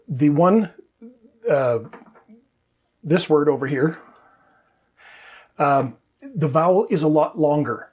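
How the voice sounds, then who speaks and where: A man's voice: fairly high pitch, expressive, slow pace, long pauses, darkish tone, slightly rough. A man teaching English pronunciation, explaining patiently step by step and demonstrating sounds.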